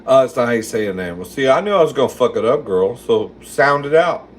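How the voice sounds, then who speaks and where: Fast-talking and expressive, this man has a medium-pitched voice with slight background noise behind it. As he cooks in his home kitchen on a casual livestream, he answers comments with sass and heavy swearing, calling all of them "girl."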